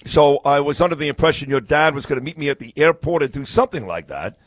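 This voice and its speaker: A man's voice: on the high side, animated, quick pace, dry recording. A brash, boastful man, hosting a live talk radio show and telling stories in casual chat.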